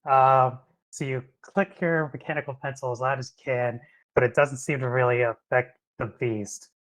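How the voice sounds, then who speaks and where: A man narrates a tabletop role-playing game as its game master. He fills his sentences with ums and breaks into laughter often. His voice sits at a middling pitch. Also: fairly even intonation, a bit bright. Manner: laughs often, many ums, quick voice changes for characters.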